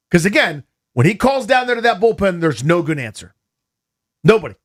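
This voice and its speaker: Excitable male sports radio host with a high, bouncing voice, talks quickly. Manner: animated, rapid, takes calls. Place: radio studio.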